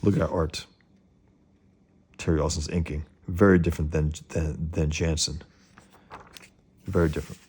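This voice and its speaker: A man giving casual, opinionated commentary on comics, often halting and restarting as he wanders off topic. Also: very deep voice, steady tone, a little mellow, husky.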